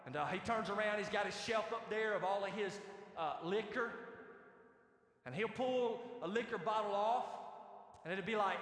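A male pastor preaching a sermon in an animated, conversational way, asking the congregation questions. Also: sits high, moderate pace. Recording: echoey hall reverb.

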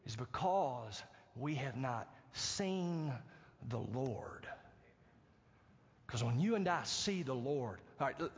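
A male pastor preaching a sermon, swinging from loud to hushed and acting out quoted pleas. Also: husky. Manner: acts out quoted pleas in a higher voice. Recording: dull lo-fi sound, long hall reverb.

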